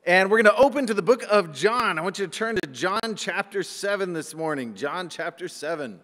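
Man, pastor, casual sermon, animated asides, long hall reverb. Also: sits high, moderate pace. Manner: conversational and animated, acting out little quoted asides. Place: church sanctuary.

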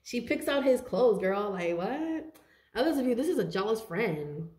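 A woman giving a casual tarot reading straight to her viewers, chatty and animated, laughing often and talking to them as "you guys". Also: fairly high pitch, normal speed, roomy sound. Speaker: tarot reader.

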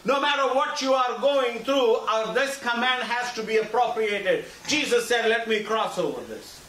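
A man's voice: very high-pitched, moderate pace, sharp tone. A male pastor preaching a sermon, working the congregation with repeated, emphatic lines and frequent calls for agreement. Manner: call-and-response preaching, asks congregation for agreement; repetitive, emphatic phrasing. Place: church sanctuary. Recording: echoey church hall, mic far off, faint hiss.

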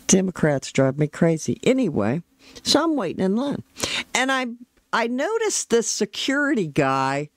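A woman's voice: mid-range voice, no echo. A woman commentator telling a rambling personal story in a chatty, exasperated way, with frequent asides. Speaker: commentator reacting to a trial. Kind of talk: casual storytelling.

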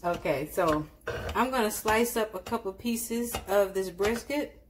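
Against a noisy background, a cooking vlogger talks at a measured pace in a mid-range voice. She demonstrates a dish casually and chattily, frequently correcting herself and speaking directly to viewers.

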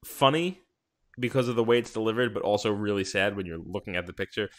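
A man's voice: fairly low pitch, fast, a bit bright. A man co-hosting a podcast, talking casually and laughing often while he rambles about a film. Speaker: podcast co-host. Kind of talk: casual movie discussion.

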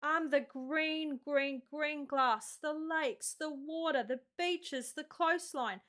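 Gushing high-voiced Australian woman. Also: slow, bright, forceful tone. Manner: gushing, exclamatory, lots of "oh" and gasps. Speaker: reaction video host. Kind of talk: casual reaction commentary.

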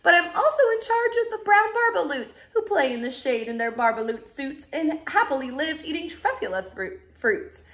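A woman's voice: sits high, big pitch swings, moderate pace, few pauses, fairly bright tone, pitched above the performer's own voice. A woman voicing a fussy little male forest creature who snaps and scolds. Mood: scolding. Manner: snappish, scolding. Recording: roomy echoey room.

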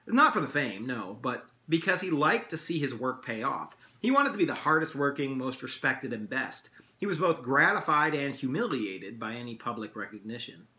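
A man, an English teacher, reading his own novel aloud in steady storytelling narration. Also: medium pitch, moderate pace, hardly any pauses. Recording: echoey room.

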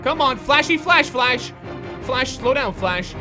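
A young man doing live commentary on a basketball video game, muttering to himself one moment and shouting curses the next. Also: very high-pitched, animated, a little slow, over music. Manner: swings from muttered self-coaching to shouted profane outbursts. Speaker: gaming YouTuber.

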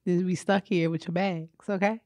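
A woman's voice: fairly low pitch, steady tone, fairly quick, crowd noise. A woman co-hosting a podcast, joking and playful, laughing often in casual chat. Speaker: podcast co-host.

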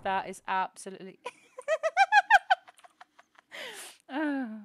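A woman's voice: high voice, huge pitch swings, very slow, pauses often, fairly bright tone, slight background noise. Giggly, sweary woman streaming. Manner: giggly, swears a lot, talks to chat. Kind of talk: live-streamed gameplay chatter.

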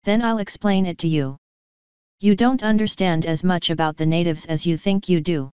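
A woman's voice: fairly low pitch, fairly even intonation, moderate pace, darkish tone, smooth, dry recording, muffled recording, close to an everyday voice. A woman reading the part of a bedraggled female unicorn who speaks bitterly and intensely. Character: bedraggled young unicorn mare, bitter and desperate.

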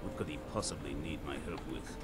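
An actor playing a gruff male hunter in a fantasy game, speaking tersely and sternly. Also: very deep voice, brisk. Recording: game dialogue with music behind.

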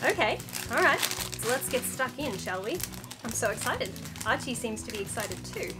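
Bubbly female vlogger, high bright voice, excitable, music bed underneath. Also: normal speed. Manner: gushing, excitable, talks to her pet. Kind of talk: casual unboxing vlog.

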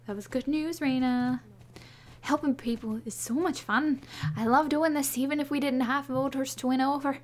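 A woman giving casual, chatty commentary while playing a horse-riding game, giggling and talking to herself, her voice a bit hoarse. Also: high voice, moderate pace. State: slightly hoarse. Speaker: gaming YouTuber.

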